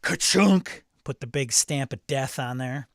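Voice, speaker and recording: A man's voice: medium pitch, little pitch movement, moderate pace, dry recording, clean studio sound. A man hosting a live game stream, reading viewer comments aloud and chatting in a loose, self-interrupting way. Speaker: stream host.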